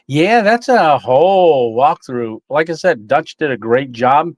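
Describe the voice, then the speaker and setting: A man's voice: fairly high pitch, lively intonation, unhurried, hardly any pauses, no room sound. A middle-aged man from Tennessee, hosting a casual livestream, reading viewer comments and rambling with fillers and chuckles. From Tennessee, USA. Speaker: livestream host.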